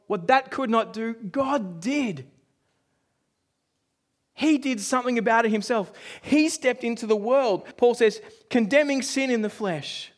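A man preaching a sermon in a conversational, storytelling way, with offhand asides and moments where he drops to a hush. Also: high-pitched. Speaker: pastor.

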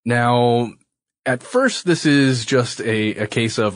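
A man's voice: mid-range voice, slow, no room sound. Chatty male podcast co-host, dry sound. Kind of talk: casual chat.

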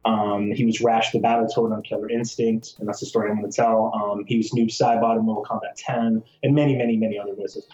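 A man's voice: lowish voice, little pitch movement, fast talker, few pauses, darkish tone. Casual podcast guest, man from Michigan, rambling storyteller, roomy and muffled recording. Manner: storytelling with many fillers. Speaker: speedrunner guest. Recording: echoey, dull sound with faint music.

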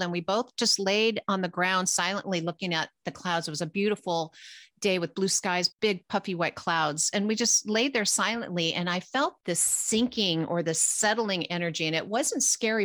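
Woman from los angeles, lowish voice, reflective storytelling, dry sound. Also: a bit bright, dry recording. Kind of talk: casual spiritual conversation.

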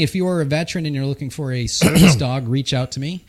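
A man's voice: mid-range voice, quick pace. A man with a Boston accent hosting a casual chat, telling a story with a rambling, profane manner and many restarts. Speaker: podcast host.

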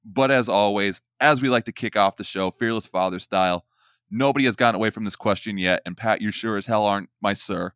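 A man in his thirties hosts a casual podcast interview, full of enthusiasm and hype for his guest. His voice sits a little low, and the recording is dry and close. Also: fairly quick, fairly bright tone, no echo. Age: 30s. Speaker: podcast host.

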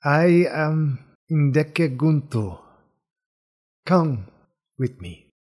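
A man's voice: fairly high pitch, lively intonation, very slow, darkish tone, pitched above the performer's own voice, heavily acted. A man voicing Ndeke, a proud bird-man. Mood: formal welcoming. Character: proud winged bird-man guard with beak.

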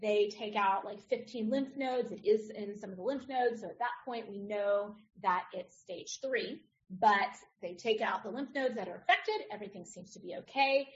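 A middle-aged woman, a podcast guest, telling a personal story in a casual, animated way and acting out the other people in it. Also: medium pitch, normal speed, few pauses. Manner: animated, acts out others' voices in her story. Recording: dull lo-fi audio.

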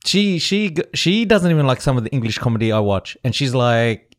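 A man's voice: medium pitch, a little fast, no echo, clean studio sound. A man hosting a casual chat podcast with friends, telling self-mocking stories. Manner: self-mocking storyteller, lively. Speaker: podcast host.

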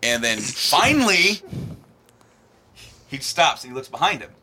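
A man tells a rambling story to friends in casual talk. His voice is bright and swings widely in pitch as he acts out what others said. A faint hiss sits under the recording. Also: measured pace. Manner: rambling storyteller, animated, laughs while acting out quotes. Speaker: podcast co-host telling a story. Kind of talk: casual chat.

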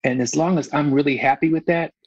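A man's voice: fairly high pitch, steady tone, fast talker, a little mellow, no room sound, muffled recording. A man, a film director, talking frankly and emotionally as an interview guest, often restarting and repeating himself. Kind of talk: candid casual interview talk.

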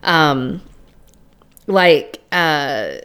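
Woman co-host, very lively intonation, hesitant and chatty on a call. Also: low-pitched, drawn-out words, smooth. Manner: animated, hesitant with many fillers and restarts. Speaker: podcast co-host. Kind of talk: casual chat. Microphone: remote call.

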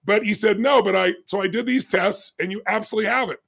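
A man in his sixties telling a personal story in an interview, animated and acting out the dialogue he recalls. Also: high voice, fast, vocal fry. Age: 60s. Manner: animated, acts out dialogue with doctors. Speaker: interview guest.

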